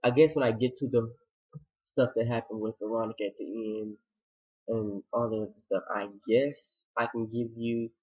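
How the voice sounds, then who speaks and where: A man giving a chatty, excitable review of a TV episode, retelling scenes with dramatic asides. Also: medium pitch, moderate pace, slightly rough, lo-fi sound. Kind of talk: casual recap vlog.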